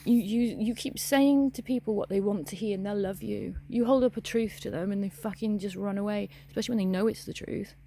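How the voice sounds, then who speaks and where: A young woman talks straight into the camera in a blunt, sweary rant. Her voice has a gravelly fry and a mellow, low-brightness tone. The sound is dry and close, with little room echo. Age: young adult. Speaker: vlogger. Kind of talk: casual ranting monologue.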